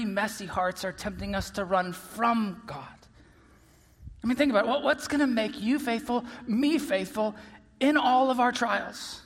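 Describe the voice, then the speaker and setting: Pastor, man, hushed-to-fervent preaching, long reverb of a big church hall. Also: very high-pitched. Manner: swings between hushed near-whispers and impassioned raised preaching; repeats phrases for emphasis. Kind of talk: sermon.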